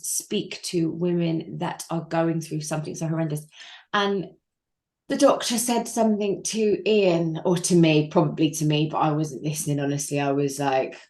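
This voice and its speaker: A woman in her thirties speaks candidly as an interview guest, her voice sitting a little low. She is raw and frank, mixing dry humour with moments where she breaks into tears. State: crying at times. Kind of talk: candid personal storytelling.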